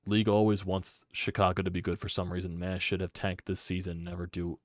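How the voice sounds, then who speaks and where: A man's voice: low-pitched, completely flat delivery, fairly quick, no room sound, studio quality. A man hosting a sports reaction stream, angry and swearing, repeating himself in frustration. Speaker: sports channel host.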